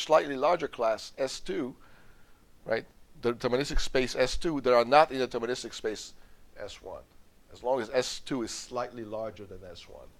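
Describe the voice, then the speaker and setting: A middle-aged man lecturing as a university professor, emphatic, repeating and restarting words as he quizzes the class. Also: medium pitch. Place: lecture hall.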